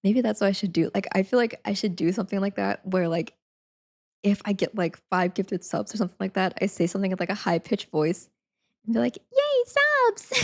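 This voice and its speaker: Her voice medium-pitched, creaky and a little mellow, a young adult woman chats casually on a live stream. She laughs frequently, uses "like" constantly and keeps thanking her viewers.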